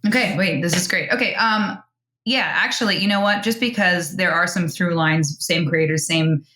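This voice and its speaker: Chatty low-voiced young woman guest. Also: bright, forceful tone, roomy sound. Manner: rambling, quick, laughs often. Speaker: podcast guest, actress. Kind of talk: casual chat.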